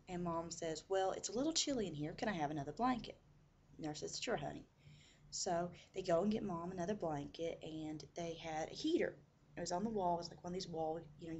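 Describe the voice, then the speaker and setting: Woman storyteller, lowish voice, chatty, full of asides. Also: a little mellow, lo-fi sound, a little hiss or hum. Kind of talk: casual spoken storytelling.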